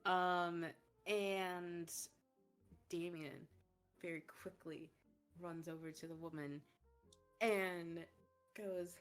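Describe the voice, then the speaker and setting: A woman's voice: on the low side, steady tone, drawn-out words, long pauses, clear, resonant tone, faint music behind. A woman narrating as game master in a tabletop game, rambling with lots of fillers.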